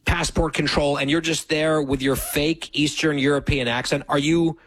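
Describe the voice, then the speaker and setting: A man's voice: fairly high pitch, steady tone, moderate pace, fairly bright tone. A man co-hosting a casual chat, teasing and skeptical in his questions. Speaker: co-host. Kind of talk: casual banter.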